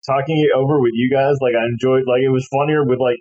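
A man's voice: medium pitch, fairly even intonation, fast talker, darkish tone, lo-fi sound. A man chatting casually on a podcast, speaking hesitantly with many fillers. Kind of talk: casual movie-review chat.

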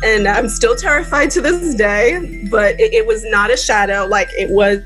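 A woman from New England tells a childhood ghost story to friends in a casual chat, lively and acting out the voices she quotes. Her voice sits fairly high, and music plays faintly underneath. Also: normal speed, low-quality recording. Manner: animated, acts out quoted voices. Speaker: podcast guest telling a story.

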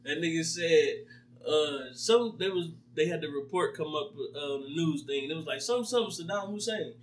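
A man's voice: fairly high pitch, normal speed. A man in casual chat who tells a story with energy, acts out quotes and laughs often. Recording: echoey room, mic at a distance.

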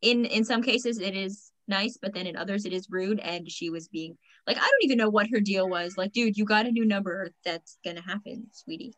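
A woman's voice: medium pitch, a little fast, few pauses, a bit bright, dry recording. A woman chatting casually and arguing her point emphatically. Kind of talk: casual chat.

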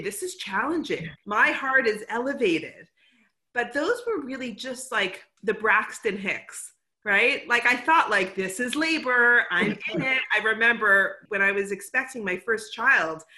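A middle-aged woman hosting a casual conversation, reflective and lively when she quotes herself. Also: a little high.

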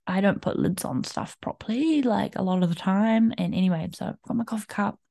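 A woman's voice: mid-range voice, a little fast, gravelly, dark tone, no room sound, studio quality. A young adult woman hosting a podcast, telling a personal story in a chatty, rambling way with many fillers, restarts and laughs. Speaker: podcast host.

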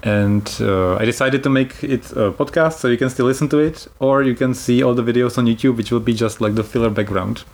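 A man's voice: medium pitch, brisk, few pauses, darkish tone. Chatty man hosting a travel podcast. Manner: chatty, explanatory, laughs easily. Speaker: podcast host. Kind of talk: casual podcast chat.

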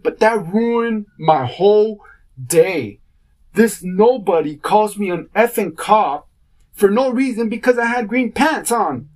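A man hosting his own podcast, talking in a casual rambling monologue and acting out what people said to him. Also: sits high. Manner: rambling storytelling, acts out quotes. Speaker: podcast host.

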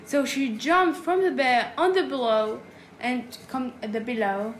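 High-voiced young woman in an echoey room. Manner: rambling, rushed, laughing storyteller. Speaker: podcast co-host. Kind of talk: casual chat. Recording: echoey room with light noise.

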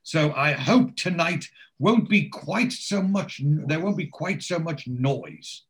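A man's voice: on the high side, lively intonation, slow pace, voice pushed up. A man voicing a fussy, snooty pub landlord who talks in a stiff, disapproving way. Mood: sniffy.

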